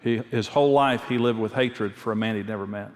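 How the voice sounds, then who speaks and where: A man's voice: lowish voice, fairly quick. A man preaching a conversational sermon, telling personal stories earnestly and repeating his key phrases. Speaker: pastor and marriage speaker. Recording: long reverb of a large hall.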